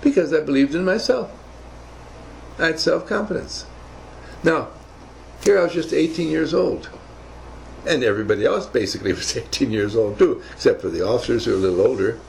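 A man's voice: medium pitch, fairly quick, creaky, pauses often, darkish tone, a little hiss or hum, rough recording. An older man telling rambling, emphatic stories from his navy days in a motivational talk. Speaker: speaker recounting navy service.

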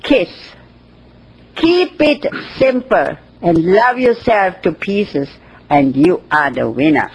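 Very husky, slow-speaking woman. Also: lowish voice, highs cut off. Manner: slow, expressive, with pauses and soft laughs. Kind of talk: inspirational self-love talk.

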